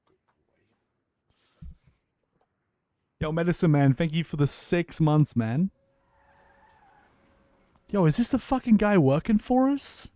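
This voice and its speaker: A man rambles through a casual live stream, restarting his sentences and swearing freely. His voice sits a little high and swings widely in pitch. The tone is warm and mellow, and the sound is dry and close. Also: expressive, measured pace, long pauses, dry recording.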